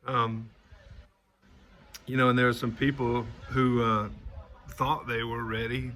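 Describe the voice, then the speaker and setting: A male preacher talking casually to the camera outdoors under a gazebo, in a halting way with lots of fillers and restarts. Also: mid-range voice, flat delivery, fairly bright tone. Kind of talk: casual vlog chat. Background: faint outdoor ambience of waves, voices and traffic.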